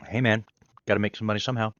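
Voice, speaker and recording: A man's voice: fairly low pitch, flat delivery, racing, a bit bright, lo-fi sound, slight background noise. A man co-hosting a podcast, making casual wisecracks and joking asides. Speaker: podcast co-host.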